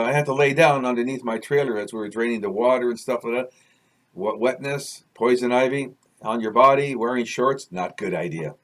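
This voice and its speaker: A man from Canada reading his own novel aloud, chatting casually between passages and restarting sentences as he goes. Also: mid-range voice. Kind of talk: chatty book reading with asides.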